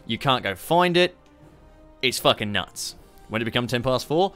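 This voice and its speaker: Swearing Australian streamer. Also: male voice, medium pitch, expressive, normal speed, fairly bright tone, soft background music. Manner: profane, rambling, joking. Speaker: game streamer. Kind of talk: live gameplay commentary. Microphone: streaming microphone.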